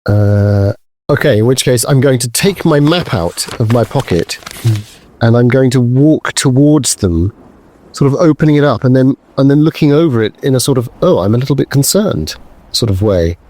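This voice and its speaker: A man playing a tabletop game, talking in a rambling, halting, self-deprecating way. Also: medium pitch, expressive, darkish tone. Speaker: player. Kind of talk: casual tabletop role-play.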